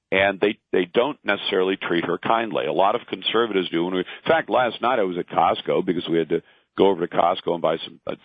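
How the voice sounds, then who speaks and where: Emphatic man, low voice on a phone line. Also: no echo. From Pacific Northwest, lives in Portland. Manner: emphatic, argumentative, acts out quoted voices. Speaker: radio talk host, guest. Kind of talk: opinionated talk radio commentary. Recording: dry, tinny phone line.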